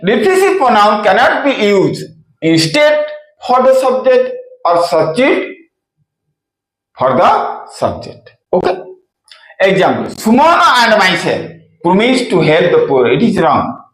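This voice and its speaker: A man teaching grammar, who repeats key phrases and answers his own questions. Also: sits high. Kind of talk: slow explanatory lesson. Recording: echoey room.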